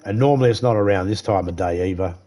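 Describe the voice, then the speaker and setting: A man's voice: lowish voice, quick pace, mellow, slight background noise. An Australian man chatting casually while streaming a game live, rambling easily and greeting viewers by name.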